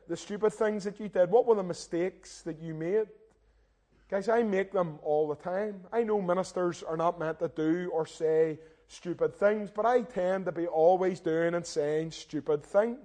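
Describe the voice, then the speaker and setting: A man's voice: sits high, a little mellow. A young man, preaching a sermon in an earnest, direct way and poking fun at himself. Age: young adult. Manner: earnest, direct, self-deprecating, often addresses listeners as "guys". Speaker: minister.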